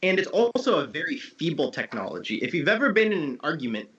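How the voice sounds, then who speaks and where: A man speaking as a guest teacher in casual conversation. He talks in a fairly high, animated way and sometimes acts out different tones of voice. The audio is dull and lo-fi, as over a video call. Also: fast.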